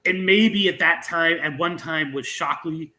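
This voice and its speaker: A man's voice: on the high side, a little slow, poor audio. A man, a guest author and researcher, telling a local legend in an interview with restarts and fillers as he goes. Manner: animated storyteller with frequent restarts and fillers.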